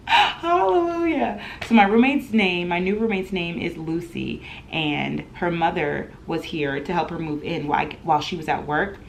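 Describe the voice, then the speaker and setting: A woman's voice: low voice, moderate pace, creaky, hardly any pauses, a little hiss or hum. Chatty young woman telling a storytime. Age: 20s. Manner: animated, chatty, lots of "like" and laughter. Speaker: vlogger. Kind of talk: storytime vlog. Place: at home in her apartment.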